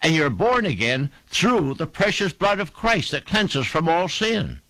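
A man's voice: on the high side, big pitch swings, a little slow, a bit bright, no room sound. A man preaching a fervent sermon, quoting scripture in emphatic, rhythmic bursts. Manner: fervent, emphatic preaching with King James quotations.

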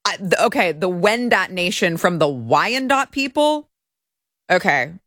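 A woman's voice: lowish voice, animated, measured pace, fairly bright tone, no echo. A woman hosting an opinionated political commentary show from a broadcast studio, mocking and sarcastic. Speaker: show host.

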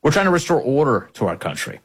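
A man's voice: on the high side, big pitch swings, quick pace, husky. A man hosting a political commentary show, delivering an emphatic, scornful monologue with repeated phrases.

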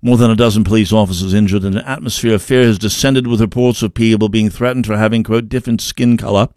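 A man putting on a brisk British newsreader. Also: lowish voice, fairly even intonation, darkish tone, no echo, studio quality, close to an everyday voice. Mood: grave, brisk. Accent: mock British broadcaster. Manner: brisk, grave newsreader delivery. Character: formal British male news presenter. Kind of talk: mock news reading.

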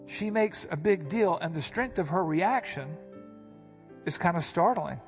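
A man's voice: high-pitched, animated, a little slow, soft background music. A man preaching a sermon, teaching verse by verse in an emphatic, explaining manner. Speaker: pastor.

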